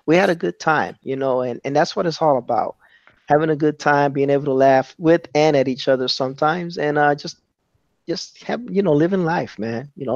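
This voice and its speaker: A man hosts a casual online panel in a relaxed, encouraging way. His sound is dull and muffled, with a dry close mic. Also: a little high, no room sound. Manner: laid-back, encouraging, says "man" a lot. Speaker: host. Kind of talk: casual livestream chat.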